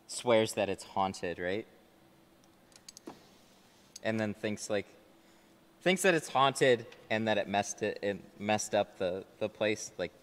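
A man's voice: fairly low pitch, in a large hall. A man who tints car windows, chatting casually on a livestream with lots of fillers and rambling asides. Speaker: window tint installer streaming live. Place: tint workshop. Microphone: headset.

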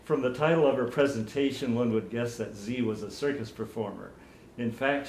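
A man's voice: mid-range voice, a little mellow. Formal male archivist conducting an interview. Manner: formal, measured questioning. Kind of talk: oral history interview. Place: community room of a library. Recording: roomy room, faint background noise.

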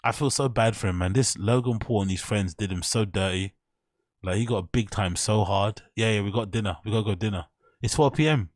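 A man's voice: fairly low pitch, fairly quick, no room sound, clean studio sound. A man hosting casual reaction commentary, mocking and profane as he rambles over clips. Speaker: commentary channel host.

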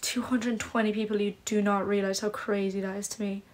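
A woman's voice: medium pitch, little pitch movement, a little fast. Chatty young woman livestreaming from her phone. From Ireland, Polish parents. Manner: chatty, self-conscious, lots of "like". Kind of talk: casual livestream chat reading comments. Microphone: phone camera.

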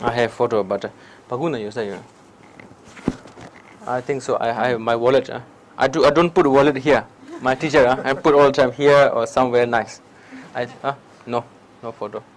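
A man with a Tibetan accent, his voice medium in pitch and moderate in pace, gives a public meditation talk in a lecture hall. He's a meditation teacher speaking broken English, telling lively stories and often checking in with "okay?" during a dharma talk that includes questions. The audio is poor, with a little hiss or hum.

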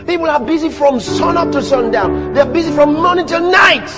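A man with a Nigerian accent preaching a sermon in church, animated and teasing the congregation. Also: very high voice, normal speed, long reverb tail. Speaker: pastor. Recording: music playing behind the sermon.

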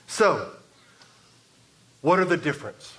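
A man preaching a sermon as pastor, in a measured way, building emphasis through repetition. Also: a little high, big pitch swings, pushed and bright. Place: church sanctuary.

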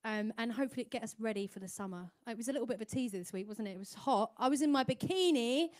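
A woman's voice: on the high side, racing, darkish tone. A woman singer co-hosting a livestream, chatting in a bubbly, upbeat way. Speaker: singer and co-host. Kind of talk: casual livestream chat.

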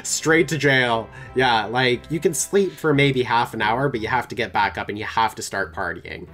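A man's voice: mid-range voice, fairly bright tone, faint music behind. Man reading a game aloud with playful asides. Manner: playful, quick to laugh. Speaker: let's play host reading the game. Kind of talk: narrating a text game with casual banter.

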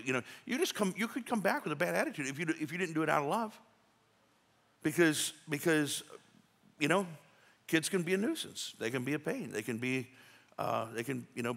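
In a church sanctuary full of reverb, a male pastor delivers a homespun, conversational sermon, dramatizing little quotes. He speaks in a mid-range voice with a fairly bright tone.

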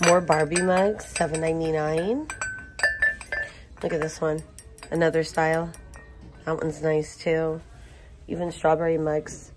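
Slow-talking woman reading price tags. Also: sits low, little pitch movement, over music. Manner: chatty, reads out prices and labels. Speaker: shopping vlogger. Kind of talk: casual store walkthrough narration. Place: inside a large retail store.

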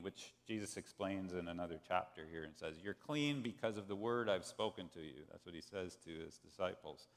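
A man preaching a sermon as pastor, telling a story in an animated way and acting out the quoted voices. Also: low-pitched, a little fast, hardly any pauses. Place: church sanctuary. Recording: long church hall reverb.

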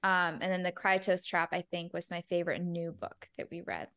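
A woman's voice: lowish voice, little pitch movement, a little fast, a bit bright. Enthusiastic, stumbling female co-host. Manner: enthusiastic, stumbles and repeats words. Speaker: podcast co-host. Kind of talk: casual podcast chat.

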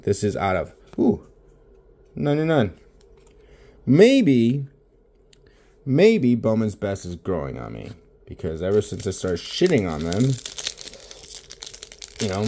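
A young card-opening vlogger, short on sleep, opens packs of baseball cards in his home office while talking casually, swearing constantly and mumbling. His voice is fairly low and mellow.

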